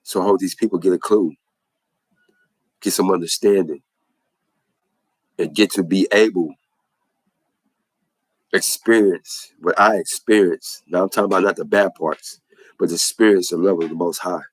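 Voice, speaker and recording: Husky low-voiced man testifying. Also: fairly even intonation, normal speed, pauses often, dry recording, low-quality recording. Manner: preacherly, repeats phrases for emphasis. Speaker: speaker giving religious testimony. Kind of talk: impassioned spoken testimony.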